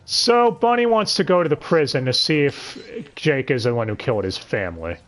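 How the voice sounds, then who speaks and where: A man co-hosting a casual anime review podcast, talking in an animated, jokey way with sarcastic asides. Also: medium pitch, brisk, soft background music. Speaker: podcast co-host.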